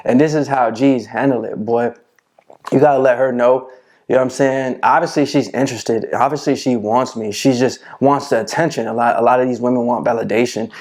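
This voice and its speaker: A man's voice: medium pitch, steady tone, brisk, a little mellow. A man giving casual dating advice to camera, swaggering and full of slang, often asking "you know what I'm saying".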